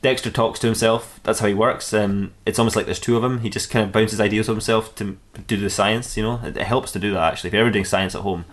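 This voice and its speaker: A man's voice: on the low side, steady tone, fast, hardly any pauses. A young man hosting a podcast, rambling through an improvised comic story, often restarting and giggling. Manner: rambling, self-interrupting, giggly. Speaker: podcast host.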